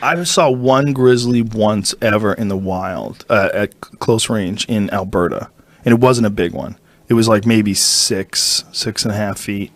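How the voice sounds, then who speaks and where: Animated, profane male podcast host. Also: fairly low pitch, a little slow, dry recording. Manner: animated storyteller, swears freely, acts out voices in anecdotes. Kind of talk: casual long-form conversation.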